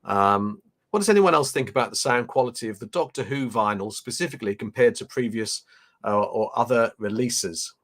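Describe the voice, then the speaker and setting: A chatty man hosting a live stream, rambling easily as he reads out viewers' comments. His voice sits at an ordinary middle pitch, and he talks in a loose, unscripted way at a desk mic. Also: moderate pace, fairly bright tone. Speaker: livestream host. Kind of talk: casual live unboxing chat.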